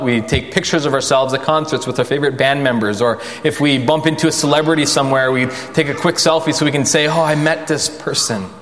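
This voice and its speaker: A man's voice: medium pitch, a bit bright. Man preaching in an echoey hall. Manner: conversational, rhetorical questions, dramatic slow emphasis. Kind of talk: sermon.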